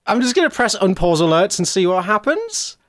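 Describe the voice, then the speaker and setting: A man co-hosting a charity stream in casual chat, giggly and excitable. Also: brisk, no room sound, clean studio sound. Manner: giggly and excitable, swings pitch widely.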